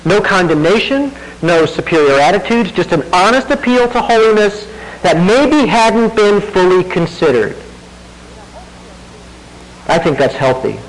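Preaching in a chatty style, a middle-aged pastor throws rhetorical questions at his congregation and chuckles at himself from time to time. His high voice is very animated yet unhurried, on a low-quality recording.

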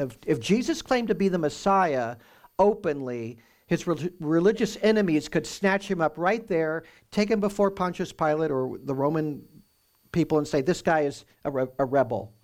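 A man pastor teaching through a Bible passage in a conversational, explanatory way, with animated emphasis. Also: on the high side, gravelly.

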